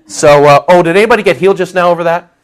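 A middle-aged male pastor preaching a folksy, animated sermon, joking with his congregation and acting out voices. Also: high-pitched, rapid-fire, smooth.

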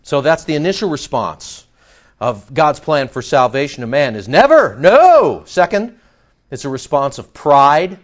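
A man preaching an expository sermon in a conversational, animated way, joking with the congregation. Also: medium pitch, moderate pace, highs cut off. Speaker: pastor.

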